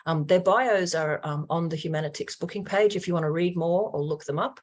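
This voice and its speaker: A woman's voice: lowish voice, fairly quick. A woman with an Australian accent hosting a webinar, giving an earnest formal introduction with frequent ums and uhs over a video call. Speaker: webinar host.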